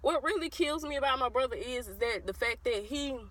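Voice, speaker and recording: A woman with a Southern US accent tells her viewers a childhood story in a casual, animated way, calling them y'all and acting out the voices of the people in it. Her voice sits high, she talks briskly, and the audio is poor.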